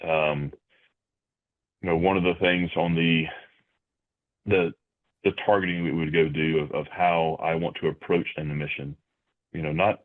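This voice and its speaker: A man with a very deep voice answers interview questions at a measured pace, often circling back with "you know" and repeated words. His voice comes through a thin, phone-like remote connection that strips away the fullness of the sound. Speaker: podcast guest. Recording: tinny phone-like remote line.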